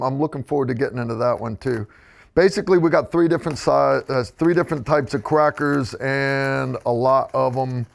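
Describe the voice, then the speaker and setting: A man's voice: mid-range voice, creaky. An American man hosting a casual review vlog, joking and rambling in a folksy way. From United States. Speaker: host.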